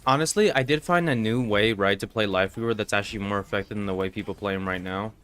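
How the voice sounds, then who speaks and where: A man with a low, stuffed-up voice chats casually to his viewers while streaming a game. He rambles and leans on constant fillers, checking in with his audience after nearly every phrase. He talks into a desk microphone with a noise filter on. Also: fast talker, a bit bright. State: congested. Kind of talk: casual live-stream chat.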